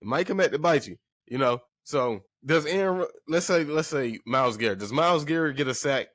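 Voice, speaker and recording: A man's voice: fairly high pitch, animated, a little fast, a bit bright, no echo, studio quality. A man hosting a sports podcast in casual talk, emphatic and repeating phrases for effect while addressing listeners directly.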